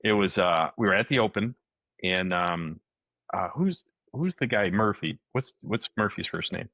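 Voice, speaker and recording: Low-voiced man telling an animated story. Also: moderate pace, dry recording, dull audio. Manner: animated storyteller, acts out quotes, many restarts. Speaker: podcast co-host. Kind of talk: casual storytelling chat.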